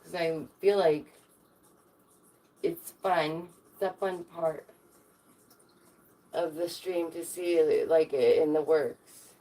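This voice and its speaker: Chatty low-voiced woman streamer. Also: fairly even intonation, slow pace, long pauses, warm tone. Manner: chatty, rambling, many fillers and restarts. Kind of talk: casual live-stream chat.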